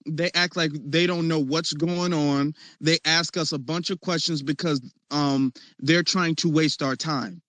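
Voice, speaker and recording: Guy hosting an online chat, kinda high voice, dry and close, animated and a bit mocking. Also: no echo. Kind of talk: casual discussion.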